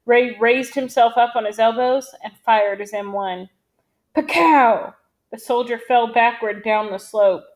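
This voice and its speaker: A woman reading a novel aloud in a steady, measured storytelling manner. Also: a little high. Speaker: audiobook reader.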